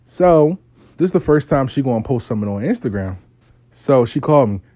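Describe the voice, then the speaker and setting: A man tells a story with swearing and street slang, his pitch swinging up and down. His voice is mellow and low in brightness. The recording is dry and dull, with a lo-fi sound. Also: brisk, no echo. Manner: animated, profane, streetwise storytelling. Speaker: storyteller host. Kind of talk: casual storytime monologue.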